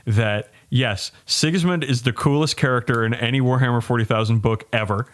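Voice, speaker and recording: A man co-hosting a comedy podcast, talking in an emphatic, profane way with frequent halting restarts. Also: medium pitch. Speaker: podcast co-host. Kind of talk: casual chat.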